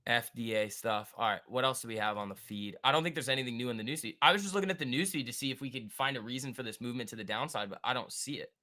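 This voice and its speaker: A man hosting a live stock trading stream, thinking aloud and answering chat in an excitable, quick way. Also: mid-range voice. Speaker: stock trading livestream host. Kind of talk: live market commentary reading chat.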